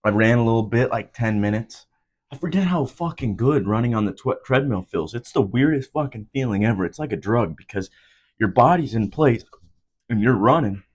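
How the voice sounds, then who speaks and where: A man's voice: lively intonation, normal speed, a little mellow, husky. A man in his twenties, hosting a solo podcast from home. He rants casually, swears constantly, and his voice jumps up sharply when he gets worked up. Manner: profane, heated ranting with sudden jumps up in pitch. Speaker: podcast host.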